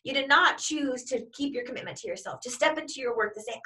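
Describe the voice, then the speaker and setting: A woman's voice: sits high, quick pace, few pauses, sharp tone, far from the mic. A woman giving an emphatic, repetitive motivational talk as a coach. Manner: emphatic and repetitive, piling up examples.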